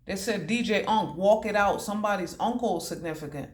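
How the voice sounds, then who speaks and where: A woman's voice: medium pitch, brisk, reverberant. A woman giving a channeled intuitive reading who free-associates from word to word, makes puns and swears casually. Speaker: intuitive reader.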